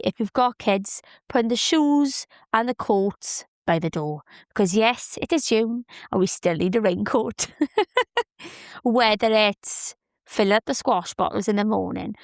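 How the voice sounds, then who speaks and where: A woman's voice: on the high side, no room sound, studio quality. A chirpy woman, chatting casually as a solo podcast host and laughing often.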